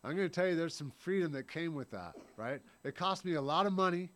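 A man's voice: fairly high pitch, animated, brisk, fairly bright tone. A man in his thirties giving an earnest, blunt personal recovery share at a meeting, often tagging his lines with "right?" and swearing now and then. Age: 30s.

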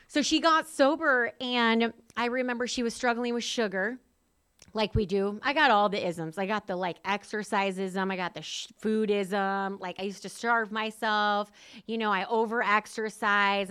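A woman's voice: mid-range voice, a bit bright, clear, resonant tone. A woman sharing her recovery story in a candid, self-mocking way, laughing often and saying "like" a lot.

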